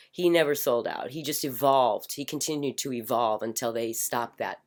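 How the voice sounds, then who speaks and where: A middle-aged woman speaking in a passionate personal monologue, emphatic and repetitive, swinging from loud declarations to hushed whispers. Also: a bass voice, moderate pace. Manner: fervent, repetitive chanting phrases. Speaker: spiritual commentator.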